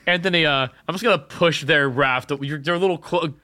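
Man, podcast co-host, improvised comedy, flustered, bright, dry. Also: on the high side, a little fast, dry recording.

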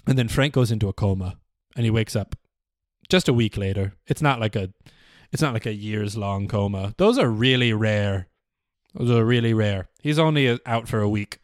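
A man's voice: on the low side, moderate pace, no room sound, studio quality. Rambling, profane male podcast host. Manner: rambling, profane, mock-serious. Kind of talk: comedic solo storytelling.

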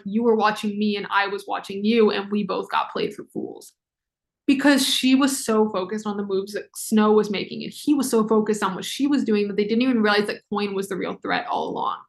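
A woman hosting a casual book discussion podcast, chatty and emotional, with quick asides and lots of "like"s. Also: a little high, a bit bright. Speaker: podcast host.

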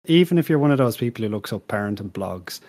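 A man's voice: lowish voice, expressive, fast talker, a little mellow. A man, chatting casually on a podcast panel with wry asides.

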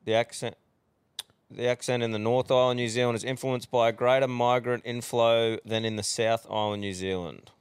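A man's voice: mid-range voice, steady tone, normal speed, clean tone, dry recording. A man from Central Queensland with a broad Australian accent, co-hosting a casual podcast, blokey and sweary, often laughing. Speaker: podcast co-host.

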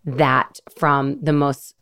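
A woman's voice: very deep voice, little pitch movement, very slow, fairly bright tone, clean tone. A woman in her thirties hosting a podcast, telling an emotional story in a casual, earnest way with lots of quoted dialogue. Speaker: podcast host.

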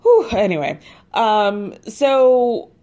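A woman hosting a podcast who gives a casual, chatty recap, telling the story in an animated way, swearing freely and laughing at her own asides. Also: a little high, very slow. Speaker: podcast host recapping a reality show.

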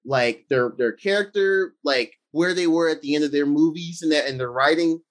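A man co-hosting a casual movie talk show, rambling excitedly and acting out scenes with lots of fillers. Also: fairly high pitch, moderate pace. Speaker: podcast co-host.

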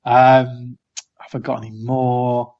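A man's voice: mid-range voice, flat delivery, slow. A man, co-hosting a casual podcast chat and quoting film lines between laughs. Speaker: podcast co-host. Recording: muffled lo-fi audio.

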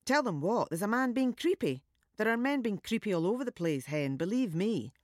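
A woman voicing a blunt, streetwise, friendly woman in a read-aloud story; the voice is high, bright and loud. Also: sing-song, fairly quick, dry recording, studio quality, close to an everyday voice.

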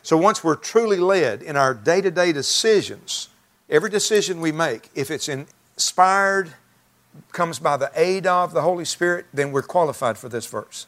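A man's voice: on the high side, lively intonation, normal speed, a bit bright. A man preaching a sermon to his church, talking in a conversational, folksy way with frequent restarts. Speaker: pastor.

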